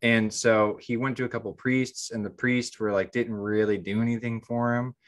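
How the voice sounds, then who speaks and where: A man's voice: mid-range voice, little pitch movement, normal speed. A man co-hosting a podcast, retelling a story in a casual, rambling way with lots of ums and restarts. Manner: rambling, heavy on fillers and restarts. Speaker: podcast co-host.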